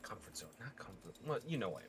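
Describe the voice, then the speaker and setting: A man playing a tabletop game, excitable and quick to laugh, jumping from quiet asides to loud outbursts. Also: lowish voice, a little hiss or hum. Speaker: player.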